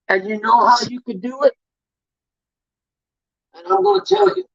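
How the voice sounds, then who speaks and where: A high-pitched man delivering a live-streamed motivational talk. He preaches with emphatic insistence and swears freely. The sound is dry, close and slightly dull, like lo-fi stream audio. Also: big pitch swings, normal speed, gravelly, long pauses, a bit bright, husky, dry recording. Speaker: motivational livestreamer.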